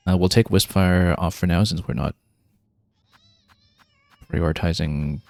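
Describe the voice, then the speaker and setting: A man's voice: low-pitched, steady tone, a little slow, creaky, a little mellow, dry recording. A man streaming a video game, thinking aloud and planning his next moves with casual fillers. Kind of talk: casual gameplay commentary.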